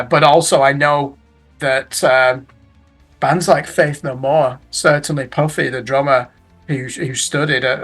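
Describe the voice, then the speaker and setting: A middle-aged male music reviewer with a slightly high, somewhat bright voice gives a casual roundup of new albums. He's chatty, using tag questions and correcting himself along the way.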